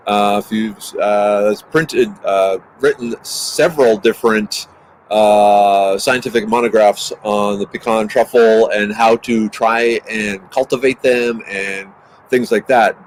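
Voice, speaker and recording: A man hosting a casual outdoor livestream, talking extra loud into a handheld microphone. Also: mid-range voice, a little hiss or hum, poor audio. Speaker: livestream host. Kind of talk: casual livestream chat greeting viewers. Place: outdoors near a busy highway. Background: birdsong.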